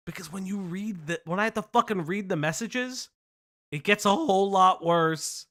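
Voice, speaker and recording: A young man hosting a casual live stream, reading news aloud with animated, profane joking asides. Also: sits high, normal speed. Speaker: stream host.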